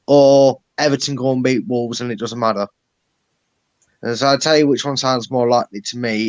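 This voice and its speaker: A man's voice: mid-range voice, no room sound. A man co-hosting a football fan channel, opinionated and sardonic in casual chat. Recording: dry, dull lo-fi mic.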